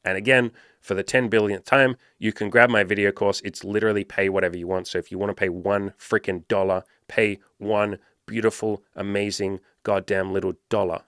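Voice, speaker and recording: A man's voice: fairly low pitch, level tone, fairly quick, fairly bright tone, clear, resonant tone, no room sound, studio quality. A young man talking casually on a podcast, reading an article aloud and commenting on it in an emphatic, profane way, sometimes acting out what he would say. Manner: emphatic, profane, puts on voices when quoting himself. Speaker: podcast host and dating coach.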